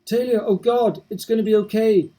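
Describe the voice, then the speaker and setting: A man's voice: high-pitched, steady tone, moderate pace, dark tone, voice pushed up, natural voice. A man reading aloud as a desperate husband trying to save his dying wife, urgent and pleading. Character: desperate husband, frantic and loving. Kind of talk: reading game dialogue aloud.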